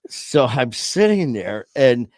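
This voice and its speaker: A man's voice: medium pitch, sing-song, slow pace, a little mellow, dry recording, studio quality. A man casually telling a personal story, blunt and profane, with many restarts and trailing phrases. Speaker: podcast host telling his story.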